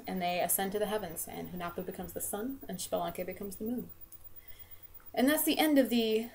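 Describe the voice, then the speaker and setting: A woman's voice: fairly low pitch, vocal fry, a little mellow, a little hiss or hum. Chatty woman casually retelling a story. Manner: chatty, lots of "they're like" and "um". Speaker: vlogger and game developer.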